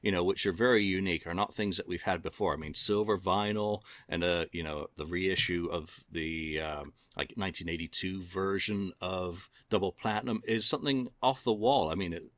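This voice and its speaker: A man's voice: deep voice, steady tone, normal speed, hardly any pauses, fairly bright tone, no room sound, studio quality. A man hosting a casual podcast chat, rambling and self-deprecating with lots of fillers. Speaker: podcast host.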